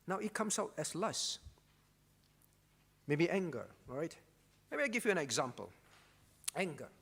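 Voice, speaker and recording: Male pastor, high-pitched, emphatic sermon delivery with repeated phrases, long church-hall reverb. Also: very animated, measured pace, vocal fry, fairly bright tone, slightly rough. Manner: emphatic, repeats key phrases, frequent rhetorical "all right?".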